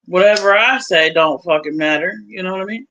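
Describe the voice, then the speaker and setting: Blunt, bright-voiced woman streamer. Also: lowish voice, a little fast, lo-fi sound, slight background noise. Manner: blunt, profane, laughs often. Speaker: livestream host. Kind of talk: casual livestream chat.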